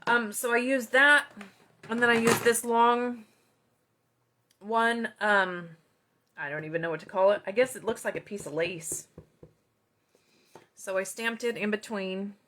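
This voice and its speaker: A woman's voice: mid-range voice, unhurried, long pauses, bright, forceful tone, slight background noise. A woman chatting casually through a card-stamping tutorial at her home craft desk, rambling into self-deprecating asides. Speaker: card-making demonstrator.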